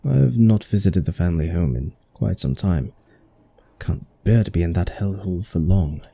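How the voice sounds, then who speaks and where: A man voicing a scheming young male heir who plots a murder, in a put-on British accent and with a cold, measured delivery. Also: deep voice, lively intonation, vocal fry, dark tone, slightly rough, full character voice. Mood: coldly scheming. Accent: attempted British accent. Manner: cold, measured villain narration.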